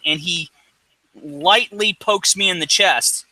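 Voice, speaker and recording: A man telling a long, profane story in casual chat, rambling and animated. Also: high voice, unhurried, no room sound, low-quality recording.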